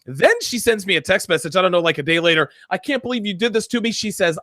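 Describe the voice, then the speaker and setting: A man's voice: high voice, quick pace, few pauses, no room sound. A man hosting a casual podcast conversation, telling blunt, profane stories. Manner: animated, profane storytelling. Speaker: podcast host.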